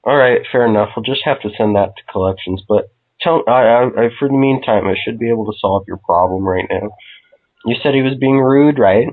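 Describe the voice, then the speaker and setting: A man's voice: medium pitch, brisk. A man posing as a customer service agent on a prank call, mock-polite and baiting. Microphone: phone. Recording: tinny phone line.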